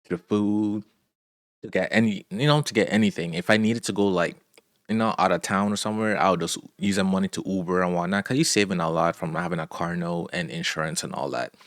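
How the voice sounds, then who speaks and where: A man's voice: deep voice, fast talker, no echo, studio quality. A man chatting casually, laid-back, dropping "bro" and "like" between his thoughts. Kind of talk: casual chat.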